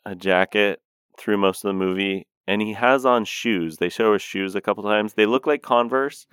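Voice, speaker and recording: A man co-hosting a podcast, reviewing a movie in a wry, rambling, deadpan way. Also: fairly low pitch, normal speed, smooth, no room sound, studio quality. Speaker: podcast co-host. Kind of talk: casual movie review chat.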